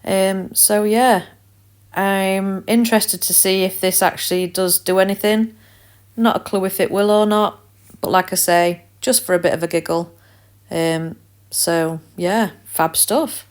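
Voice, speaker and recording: A woman with a medium-pitched, steady voice talks at a measured pace in a gardening vlog filmed at her windy allotment. She is chatty, rambles, and cheers herself on; her tone is clean with no echo, but outdoor wind and traffic are audible.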